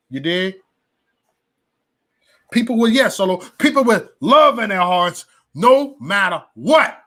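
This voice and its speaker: A man talking casually about politics and faith, animated and preachy, with many restarts and slangy asides. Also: extremely high pitch, slow, long pauses. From West Side of Chicago. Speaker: political commentator. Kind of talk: casual opinion vlog.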